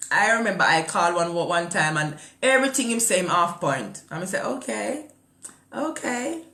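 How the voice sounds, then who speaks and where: A woman's voice: fairly low pitch, lively intonation, fairly quick, bright, forceful tone, reverberant. A woman with a Jamaican accent hosting a morning show in casual chat. She talks with passion, firing rhetorical questions and mixing patois with English.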